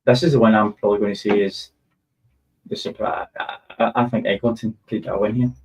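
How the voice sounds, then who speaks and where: Lower-voiced Scottish football pundit. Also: male voice, level tone, a little fast, a little hiss or hum, rough recording. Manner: chatty, thinking aloud. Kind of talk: casual chat.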